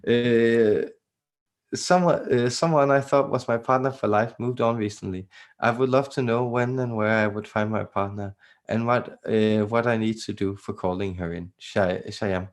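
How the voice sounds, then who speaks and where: Low-voiced man hosting a live stream. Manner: halting, many fillers and repeated words. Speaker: channeler and live-stream host.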